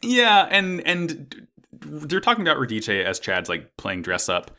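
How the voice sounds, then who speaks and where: A man with a bright, forceful voice talks about an anime episode with a friend. His pitch swings widely as he explains, and he swears and laughs easily. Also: wildly swooping pitch, unhurried. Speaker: podcast co-host. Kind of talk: casual anime recap chat.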